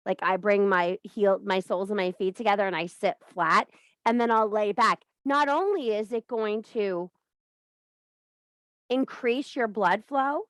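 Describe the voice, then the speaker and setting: The witchcraft and wellness group's host speaks at a medium pitch, a bit bright, with no echo in the recording. Her spiritual coaching talk is casual and bawdy, with plenty of swearing and her own laughter at her jokes.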